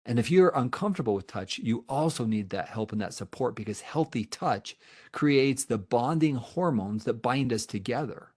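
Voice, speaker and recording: A man's voice: mid-range voice, expressive, moderate pace, darkish tone, breathy edge. A middle-aged man, a therapist, giving an earnest webinar presentation with emphatic repetition and answering audience questions.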